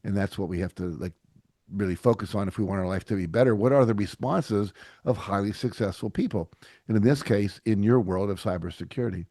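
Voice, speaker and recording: A man's voice: on the low side, brisk, no room sound, studio quality. A middle-aged man as a podcast guest, telling stories animatedly and acting out what people said. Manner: animated storyteller, acts out quotes. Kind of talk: casual interview chat.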